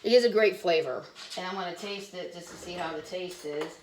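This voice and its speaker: A woman's voice: lowish voice, fairly quick, a little hiss or hum. A woman cooking in her home kitchen, talking in a blunt, rambling, chatty way while sick with bronchitis. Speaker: cooking vlogger. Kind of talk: casual chatty cooking vlog.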